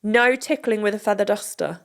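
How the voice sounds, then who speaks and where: British woman, podcast co-host, casual delivery, laid-back banter. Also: a little high. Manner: chatty, reads out items and jokes along.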